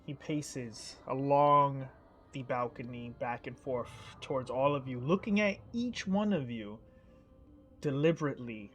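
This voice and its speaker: A man's voice: mid-range voice, a little slow, fairly bright tone, soft background music. A man running a tabletop game as dungeon master, narrating the scene and restarting phrases as he goes. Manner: descriptive, restarts mid-phrase.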